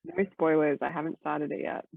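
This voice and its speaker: A woman's voice: low voice, little pitch movement, brisk, vocal fry, no echo. A woman guest chatting casually on a podcast, rambling with lots of "like" fillers and casual swearing. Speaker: guest co-host. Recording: tinny phone-like line, dry.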